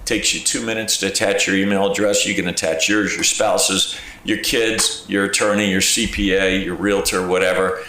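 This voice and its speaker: A man's voice: deep voice, moderate pace, few pauses. A man, a county clerk of court, giving a presentation to a village council, telling stories and acting out phone calls in a conversational, emphatic way. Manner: animated storyteller, acts out phone calls and quotes; conversational, repeats "okay?" for emphasis. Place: council chamber. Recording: very echoey council chamber.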